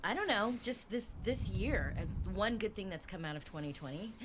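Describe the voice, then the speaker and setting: A woman's voice: medium pitch, animated, moderate pace. Effusive woman with a noisy mic. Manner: hesitant, filler-heavy, warm and effusive. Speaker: voice actor guest. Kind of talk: casual chat on a video call stream.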